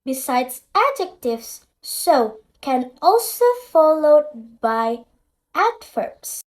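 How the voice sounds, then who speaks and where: Slow high-voiced woman teaching grammar. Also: big pitch swings. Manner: clear deliberate explaining, reads out example sentences. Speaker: English teacher.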